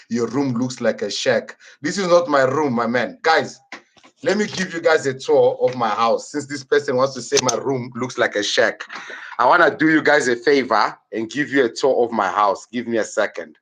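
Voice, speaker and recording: Guy on a live stream walking thru his house, heated and cussing, keeps repeating himself, mid-pitch voice. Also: moderate pace, fairly bright tone, slight background noise. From Angola.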